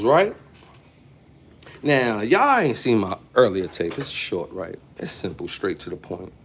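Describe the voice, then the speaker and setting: A man with a slightly high, husky voice vlogs on a handheld phone while walking around his workplace. He talks in streetwise slang, hopping from topic to topic in casual commentary.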